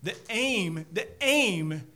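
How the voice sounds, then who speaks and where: Animated self-deprecating male pastor. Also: sits high, extremely slow. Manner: self-deprecating, chatty, repeats words when starting sentences. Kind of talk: sermon.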